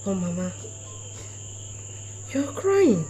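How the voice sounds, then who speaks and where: A woman's voice: mid-range voice, sing-song, extremely slow, mellow, a little hiss or hum. A young actress with a Nigerian accent playing a worried daughter who pleads with her mother. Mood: pleading. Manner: pleading, comforting. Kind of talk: film drama acting.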